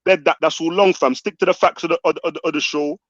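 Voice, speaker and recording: A man's voice: on the high side, steady tone, fast talker, fairly bright tone, no room sound. A man with hosting a heated live-stream debate, cutting in and repeating words urgently. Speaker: stream host moderating a debate. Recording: dull lo-fi online audio.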